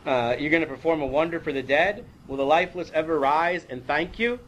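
A man's voice: on the high side, a little fast, dull audio, a little hiss or hum. A man teaching a Torah class, reading Hebrew verses and explaining them in a casual, conversational way, sometimes losing his place.

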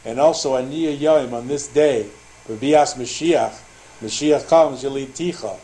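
A man's voice: medium pitch, a little slow, dark tone, rough recording. A man teaching a Torah class, translating Hebrew verses line by line and acting out the dialogue with animation.

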